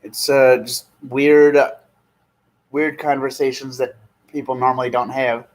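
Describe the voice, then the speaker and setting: A man's voice: mid-range voice, flat delivery, rough recording. Easygoing man in his thirties streaming. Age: 30s. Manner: rambling, easygoing, slow when reading names aloud. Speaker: streamer host. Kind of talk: casual live-stream chat.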